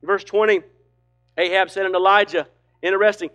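A man preaching a sermon with emphatic delivery that swings between loud and hushed. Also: very high-pitched, normal speed, soft background music. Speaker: pastor.

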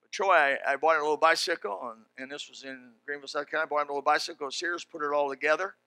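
An older preacher delivers a sermon, spinning homespun stories before rising into shouted exhortation. His voice sits high and cuts with a sharp, bright edge. The sound is dry and close, with no room around it. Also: rapid-fire, clean tone, dry recording. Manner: folksy storytelling that builds to shouted preaching.

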